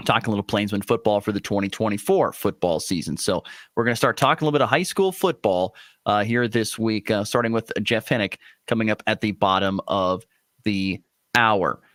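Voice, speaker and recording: A man hosting a morning sports radio show from a studio, talking casually with lots of "uh" fillers and lively pitch swings. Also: fairly quick, no echo. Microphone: studio microphone.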